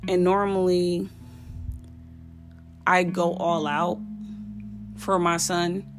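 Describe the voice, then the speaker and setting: A woman's voice: lowish voice, level tone, drawn-out words, music in the background. A woman hosting a parenting podcast, giving casual advice in an earnest, heartfelt and direct way. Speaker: podcast host.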